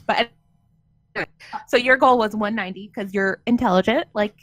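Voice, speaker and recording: A woman's voice: a little high, normal speed, a bit bright, no echo. A young adult woman co-hosting a casual podcast who jokes, mocks herself and swears freely. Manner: joking and self-mocking, swears freely. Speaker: podcast host.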